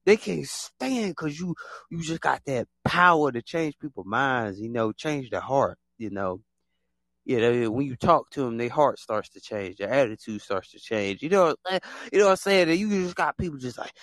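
Animated rambling man talking to listeners. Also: medium pitch, fairly quick, no room sound. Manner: rambling and animated, heavy on fillers and repetition. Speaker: podcast host. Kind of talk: casual monologue to listeners.

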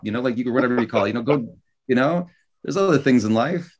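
A man's voice: medium pitch, expressive, fast, slight background noise. A man giving his opinions in casual podcast chat, using a lot of "like" as filler. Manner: opinionated, filler-heavy commentary.

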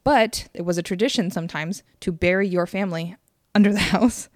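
A young woman with a fairly low voice chats casually as a podcast co-host. She talks loosely, laughs often and swears freely. The recording is dry and close. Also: fairly quick, no room sound. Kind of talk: casual chat.

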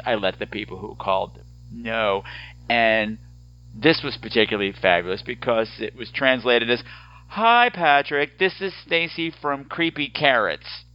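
A man's voice: medium pitch, no room sound, muffled recording. A man hosting a podcast, answering listener voicemails with sarcastic, joking rants. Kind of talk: casual podcast chat.

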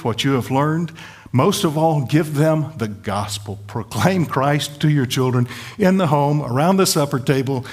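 A middle-aged man preaching a sermon in a conversational, pleading way, with self-deprecating asides. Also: medium pitch. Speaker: pastor.

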